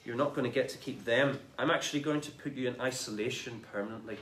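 Male preacher, casual lively sermon delivery, mid-range voice, roomy church sound. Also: medium pitch, quick pace, a little hiss or hum. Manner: conversational, animated retelling of scripture in everyday speech.

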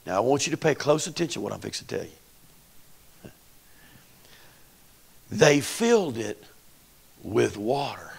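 Folksy preacher with a lively voice. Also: male voice, medium pitch, unhurried, creaky, long pauses, slightly rough. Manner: folksy, dramatic, acts out voices, call-and-response. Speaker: pastor. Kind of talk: Pentecostal sermon.

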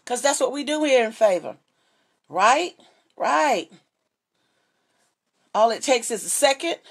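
A woman's voice: a little high, expressive, slow pace. Woman, middle-aged, bubbly, chatty, live-stream jewelry seller. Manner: bubbly and chatty, greets viewers by name. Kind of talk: casual live-stream selling.

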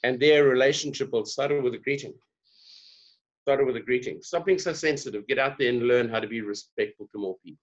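A South African man telling stories in a podcast interview, voice sitting at a middle pitch. He slips into little voices to act out the people in his anecdotes. The recording is somewhat dull and lo-fi. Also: brisk. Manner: animated, acts out dialogue in voices. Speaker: guest, diversity trainer. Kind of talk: conversational storytelling.

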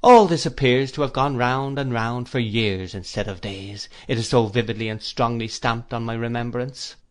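Male audiobook narrator, mid-pitched, measured and reflective. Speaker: audiobook reader.

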